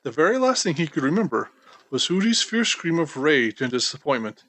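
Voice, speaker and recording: A man narrating a children's audiobook in an expressive storytelling manner. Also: on the high side, fairly quick. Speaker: audiobook reader.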